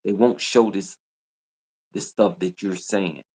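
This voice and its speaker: A man hosts a livestream and rants at his audience, scolding them repetitively and confrontationally. His voice is low, mellow and a bit breathy, and he keeps a steady tone while taking his time.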